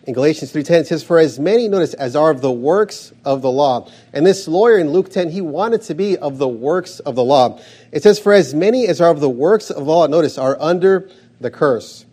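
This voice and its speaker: A male preacher working through scripture, stopping every few words to say "notice" and press his point. His voice sits a little high for a man yet sounds dark and mellow. He talks with emphatic, steady conviction. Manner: repeats "notice" while reading verses aloud, emphatic. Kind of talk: expository sermon reading scripture.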